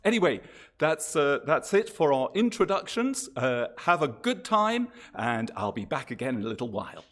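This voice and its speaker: A man's voice: mid-range voice, very animated, moderate pace, fairly bright tone. A man hosting a live-streamed church event, talking in a chatty, hesitant way with frequent restarts. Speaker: host. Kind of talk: casual live-stream introduction.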